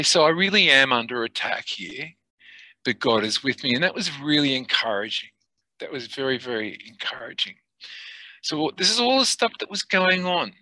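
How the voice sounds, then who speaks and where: A middle-aged man telling a personal spiritual testimony in an earnest, halting way, sometimes dropping to near whispers. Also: mid-range voice, sharp tone, rough recording. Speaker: testimony speaker.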